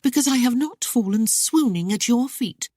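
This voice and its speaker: A woman voicing a spirited, sharp-tongued young noblewoman who teases and defies the man she argues with. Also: medium pitch, big pitch swings, a little slow, no room sound, studio quality, voice pushed up. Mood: defiant teasing. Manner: teasing and defiant.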